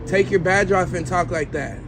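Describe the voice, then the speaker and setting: A man with a slightly high voice argues with an officer on the street, insistent and lecturing. Traffic and city noise fill the background. He repeats his points firmly. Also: moderate pace. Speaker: citizen filming police. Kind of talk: confrontational street argument.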